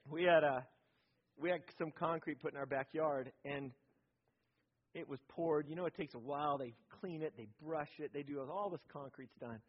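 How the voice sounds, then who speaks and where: Male preacher, slightly high and husky, chatty storytelling sermon, dull lo-fi recording. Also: moderate pace. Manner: conversational storytelling, keeps asking the audience "right?". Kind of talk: sermon on parenting.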